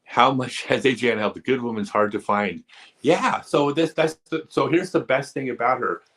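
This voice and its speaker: A man's voice: medium pitch, moderate pace, a bit bright. A man hosting a live stream, answering viewer questions in a candid, earnest, casual way, sometimes joking and teasing. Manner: candid, earnest advice-giving.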